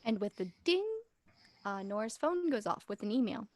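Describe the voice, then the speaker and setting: A woman's voice: medium pitch, expressive, moderate pace, darkish tone, no echo. A woman narrating as game master for a tabletop game, chatty and self-deprecating, on a close mic.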